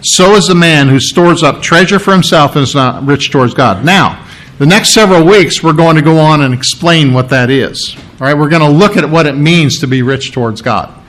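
A man's voice: on the high side, normal speed, a bit bright, low-quality recording. A man preaching a sermon, explaining scripture word by word in an earnest, teacherly way and repeating key phrases for emphasis. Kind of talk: sermon with Bible reading.

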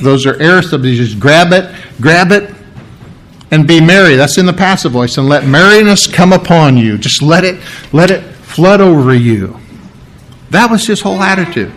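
A man with a fairly high, fairly bright voice preaches a sermon with Bible reading, speaking at normal speed with lively intonation. He earnestly explains scripture word by word like a teacher, repeating key phrases for emphasis. The recording quality is low.

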